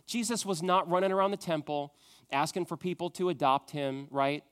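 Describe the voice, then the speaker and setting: A man preaching a sermon, moving from loud emphatic questions to a soft, hushed tone. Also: on the high side, a little fast, smooth. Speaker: pastor.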